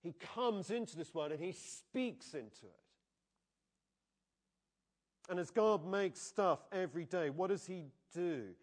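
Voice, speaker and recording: A man preaching a sermon in a church, conversational and animated, often putting questions to the congregation. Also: high voice, a little slow, long pauses.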